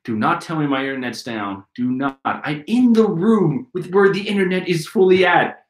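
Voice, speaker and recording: A man's voice: fairly high pitch, animated, normal speed. A man casually reading a comic aloud and chatting, with a giggly manner, at home. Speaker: manga reading channel host. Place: room at home. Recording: roomy echo.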